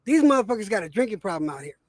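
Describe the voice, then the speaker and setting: A man's voice: sits high, sing-song, racing, a little mellow, no room sound. A man from New Mexico hosting a casual, profane, argumentative chat. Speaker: host.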